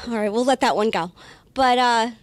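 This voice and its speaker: A woman's voice: on the high side, measured pace, no room sound. A woman interviewing a band in a playful, giggly way. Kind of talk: casual interview.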